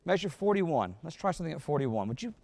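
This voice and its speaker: Very animated and fast, a band clinician with a highish, creaky, darkish male voice rehearses a wind band in a concert hall. He encourages the players and sings passages in scat syllables to demonstrate them.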